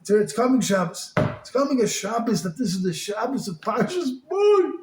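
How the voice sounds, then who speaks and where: A man giving a Hasidic sermon as a rabbi, swinging from crying-out pleas to quiet storytelling, with Yiddish and Hebrew words mixed into his English. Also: extremely high pitch, very animated, normal speed. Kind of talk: Hasidic sermon to a small group. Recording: echoey room with faint noise.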